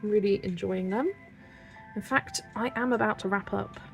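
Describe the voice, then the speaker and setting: Woman, West Country accent, livestream host; chatty and rambling, vocal fry, faint music underneath. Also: mid-range voice, moderate pace. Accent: West Country English. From Wiltshire, England. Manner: chatty, rambling, soft asides while working. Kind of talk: casual livestream chat while colouring.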